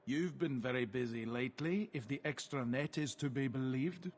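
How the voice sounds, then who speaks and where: A man's voice: mid-range voice, moderate pace, lightly acted. An actor with a South African accent playing a cool, condescending male arms smuggler who hosts a party. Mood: suave. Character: smooth, menacing male arms smuggler villain host.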